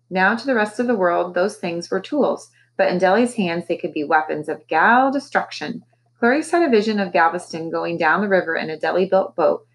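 A woman teacher reading a novel aloud to her class, with expressive, animated storytelling. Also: lowish voice, moderate pace, poor audio.

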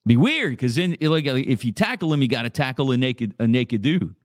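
A man's voice: mid-range voice, animated, normal speed, no room sound, studio quality. A man hosting a radio show, chatting casually in a rambling, jokey way. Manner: rambling, jokey, repeats himself.

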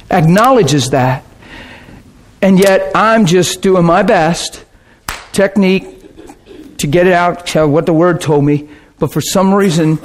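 A man preaching, telling a lively testimony story with laughter and a short sung passage. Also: a little high, a little hiss or hum. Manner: animated storytelling, bursts of laughter, sings a hymn line. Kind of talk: testimony sermon.

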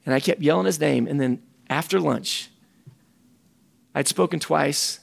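Earnest preacher guy telling a story, kinda high voice with lots of gravel, repeats himself. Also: a little slow. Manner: animated and earnest, repeats words. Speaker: ministry director and speaker. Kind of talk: storytelling sermon talk.

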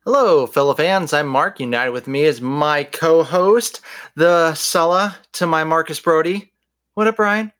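A man co-hosts a fan podcast, chatting casually with a playful, eager energy. His voice sits a little higher than most men's. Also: a little slow, fairly bright tone, clear, resonant tone. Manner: enthusiastic, jokey. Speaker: podcast co-host.

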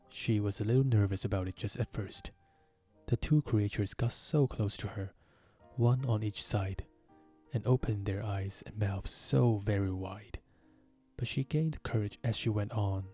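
A man narrating a storybook reading in a steady, even manner. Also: lowish voice, breathy edge, dry recording.

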